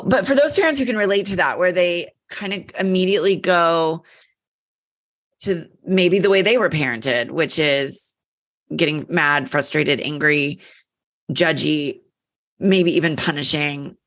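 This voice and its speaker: A woman's voice: deep voice, a little slow. A woman hosting a podcast, chatty and self-deprecating as she sets up her questions. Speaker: podcast host. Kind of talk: casual interview.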